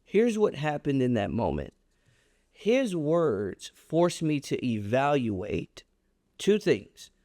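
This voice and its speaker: A man telling a personal story on a podcast, animated and emphatic in a casual, colloquial way. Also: slow, no room sound, studio quality. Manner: animated, emphatic storyteller with a wide pitch swing; casual and colloquial, reflective when making his point.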